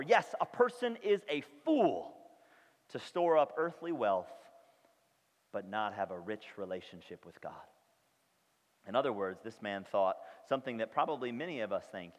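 Emphatic preacher in an echoing sanctuary. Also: male voice, on the low side, sing-song, normal speed, darkish tone. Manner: emphatic, keeps checking in with the congregation. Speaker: pastor. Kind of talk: sermon. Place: church sanctuary. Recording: long reverb of a large hall.

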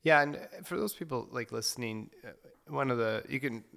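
A man's voice: mid-range voice, fairly quick, vocal fry, bright, forceful tone. A man, a guest on a church podcast, talking casually and rambling with many fillers.

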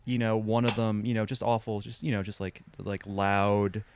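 A man's voice: lowish voice, flat delivery, normal speed, background noise. A man co-hosting a podcast, telling a long wry anecdote in a casual, rambling way, full of "like" and restarts. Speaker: podcast co-host.

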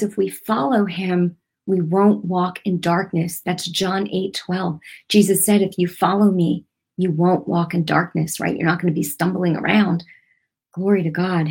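Breathy woman preaching earnestly. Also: lowish voice, darkish tone. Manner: earnest and encouraging, often asking "right?". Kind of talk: informal sermon.

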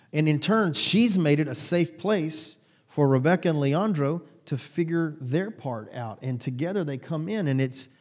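A male pastor giving a sermon in a conversational, rambling way, with restarts and asides. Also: on the high side.

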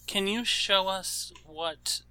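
A woman's voice: medium pitch, slow pace, pushed and bright. A woman playing a tabletop game, talking hesitantly with fillers. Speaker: player. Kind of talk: casual tabletop game play.

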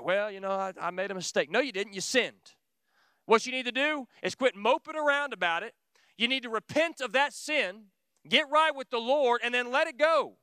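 A man preaches with earnest emphasis, firing rhetorical questions at his listeners. His voice sits high for a man and rings bright and smooth. The sound is dry and close. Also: dry recording. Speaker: pastor. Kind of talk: sermon to a small group.

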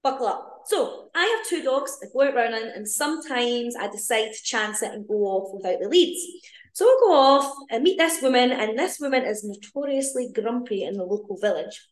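High-voiced Scottish woman, echoey room. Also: normal speed. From Scotland. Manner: lively, teasing storyteller. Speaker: podcast co-host. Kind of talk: casual chat.

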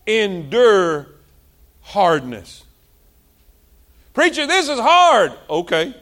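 A male pastor, preaching a sermon with passion, repeating himself and swinging between loud and soft. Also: a little high.

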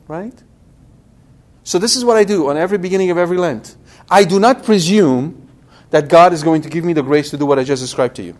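Lively man teaching a Bible study. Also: a little high. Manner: lively, talks directly to the audience with questions.

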